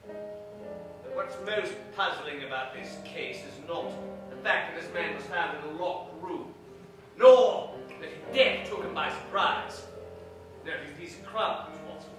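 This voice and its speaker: A grandiose detective of the Victorian age, as a man acts him out on stage, holding forth. His voice sits high and rings through a very echoey hall, picked up from a distance, with music behind. Every deduction comes out declaimed. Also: animated, slow pace. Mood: pompous. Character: pompous male Victorian detective, theatrical. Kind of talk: improv theatre scene. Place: theatre stage. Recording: roomy stage from afar, music and audience.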